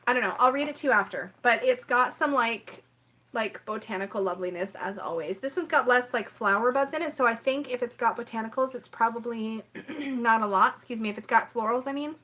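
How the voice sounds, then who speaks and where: Woman, tarot reader, easygoing live-stream chat, a touch high in pitch, scattered and self-apologizing. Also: fairly quick, pushed and bright. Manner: rambling and apologetic, keeps clearing her throat; chats with viewers in the live chat.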